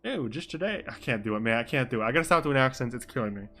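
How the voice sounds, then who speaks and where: A man's voice: medium pitch, very fast, pushed and bright, faint music behind. Self-mocking young man streaming. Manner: self-mocking, swears casually. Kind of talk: live role-play stream with commentary.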